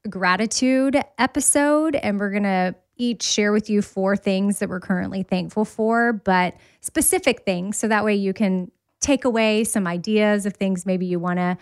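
A woman's voice: mid-range voice, normal speed, few pauses, smooth, no echo, clean studio sound. A woman hosting a podcast, talking in a chatty, upbeat way. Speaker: podcast host. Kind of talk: casual chat.

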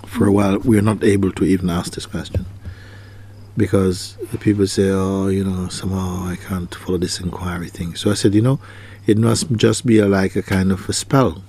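A deep, steady, warm voice with a slight roughness carries this man's spiritual teaching at a moderate pace. He leans on probing questions and repeated phrases, and he acts out the people he cites.

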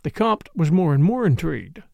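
Gravelly expressive male audiobook narrator. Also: on the high side, normal speed, no room sound. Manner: expressive storytelling. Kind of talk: scripted narration.

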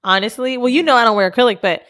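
Bright-voiced woman telling profane stories. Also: on the high side, racing. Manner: profane, storytelling, animated impressions. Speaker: podcast co-host. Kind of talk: casual chat. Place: home recording during quarantine.

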